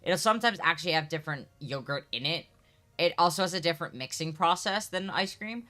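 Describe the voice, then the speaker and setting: Bright-voiced woman streamer chatting bluntly. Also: fairly low pitch, fairly quick. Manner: blunt, joking, swears freely. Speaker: streamer host. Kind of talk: casual chat on a live stream.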